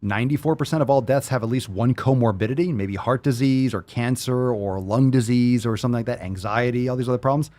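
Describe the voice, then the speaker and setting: Brief: male fitness-show host, heated profane rant, mid-pitched voice. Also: quick pace, hardly any pauses, a little mellow. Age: adult, 30s or older.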